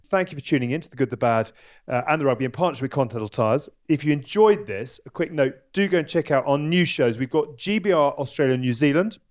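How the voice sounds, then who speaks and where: Brisk male host of a live show. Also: a little high, animated. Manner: brisk, upbeat presenting.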